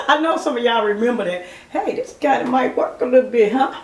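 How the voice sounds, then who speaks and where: A woman's voice: fairly high pitch, moderate pace, reverberant. A woman in her fifties chatting casually to her viewers, laughing often and calling them y'all. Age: 50s. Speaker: vlogger. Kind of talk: casual chat to camera.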